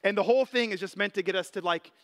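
A pastor delivers a sermon in an easygoing, earnest tone, with filler words scattered through his speech. His voice sits high and sounds bright. The sound rings with a long reverb, as if recorded in a large church hall. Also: fast talker. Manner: conversational, earnest, many "like" fillers.

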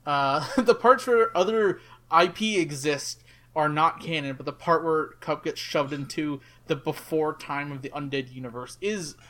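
Male podcast co-host; slightly raised pitch, rambling, filler-heavy casual chat. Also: moderate pace, pushed and bright. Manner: rambling, filler-heavy, enthusiastic about comics.

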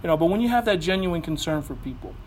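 A man preaching a sermon in a lively, conversational way, full of humor and asides. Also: fairly high pitch, fast talker, slight background noise. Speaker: pastor.

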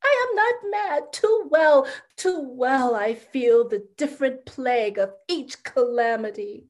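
Anguished noble mother, fairly high voice, cries and whispers, slow. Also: expressive. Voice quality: impassioned, swinging from loud cries to hushed whispers. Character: grieving noble mother, wild with sorrow. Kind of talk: classical stage drama.

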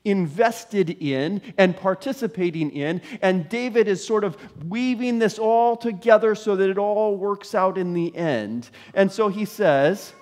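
A man preaching a sermon, telling a story dramatically and swinging from loud to hushed. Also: high-pitched, a little slow, few pauses. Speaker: pastor.

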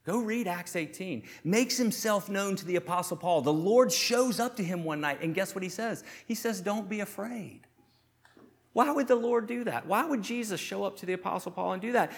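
A man preaching a sermon with a fairly high voice. He talks earnestly, asks the room questions and drops to slow, heavy phrases for emphasis before rushing through quick asides. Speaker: pastor.

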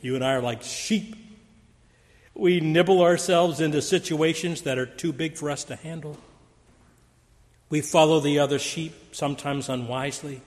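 A man preaching a sermon, telling stories in an animated storytelling manner. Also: normal speed. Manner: storytelling with wide pitch swings. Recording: long hall reverb.

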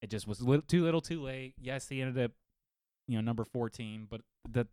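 Guy on a podcast ranting and swearing, smooth clear voice, dry close mic. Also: medium pitch, brisk, no echo. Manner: animated, profane storytelling. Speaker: fantasy football podcast co-host. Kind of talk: casual chat. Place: home studio living room.

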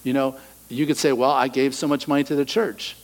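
A middle-aged male pastor preaching a sermon, animated, acting out quoted voices and dropping to soft asides. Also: mid-range voice, a little fast, poor audio.

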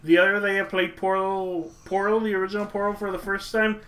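A man's voice: high-pitched, level tone, a little fast, a bit bright. A man co-hosting a casual gaming podcast, rambling and teasing, saying "like" a lot. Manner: rambling, teasing, says "like" often. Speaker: podcast co-host. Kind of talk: casual chat.

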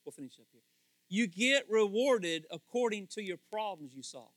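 Man, pastor, lively sermon, high pitch, dry close sound, shifts between soft and shouted. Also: normal speed, no room sound. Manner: animated, swings from hushed to shouting, laughs often.

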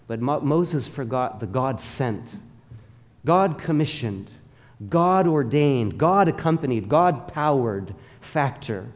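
A man's voice: mid-range voice, animated, slow. A male pastor preaching a sermon in a church, with emphatic, rhythmic repetition and calls for the congregation to repeat after him. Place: church sanctuary. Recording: long reverb of a large hall.

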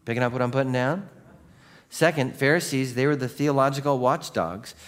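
A man pastor delivers a sermon at a middle pitch. He keeps firing questions at his congregation in an animated way and sinks into a slow, hushed delivery for solemn moments. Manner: drops to a quiet, slow voice for solemn points.

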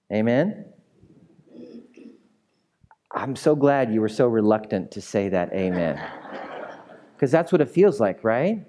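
A man preaching a sermon who urges the congregation to respond and swings from loud, dramatic lines to hushed ones. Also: medium pitch. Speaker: pastor.

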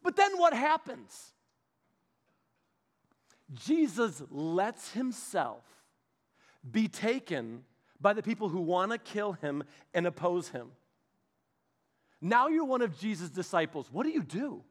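A male preacher telling a Bible story in an animated, playful way, with asides. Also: sits high, slow pace, long pauses. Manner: animated, playful, laughs at his own asides.

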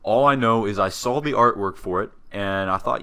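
A man co-hosting a podcast, telling anecdotes in casual chat with a teasing, deadpan manner. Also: lowish voice, moderate pace, smooth. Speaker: podcast co-host.

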